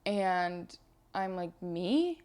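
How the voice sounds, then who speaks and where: Chatting casually as a podcast co-host, a young woman tells stories and acts out the quotes in them. She sounds animated and a little mellow, with a fairly low, clean voice and drawn-out words.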